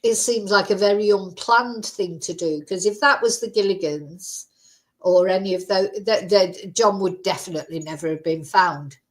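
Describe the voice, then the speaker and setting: A woman's voice: mid-range voice, moderate pace. A woman hosting a true crime livestream, talking in a chatty, rambling way with lots of fillers. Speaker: true crime channel host. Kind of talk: casual livestream commentary.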